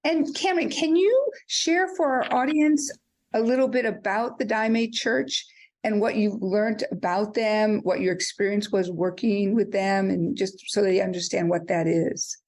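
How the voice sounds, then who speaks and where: A woman's voice: medium pitch, unhurried, darkish tone. A woman hosting a podcast, politely asking her guest a question. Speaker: podcast host.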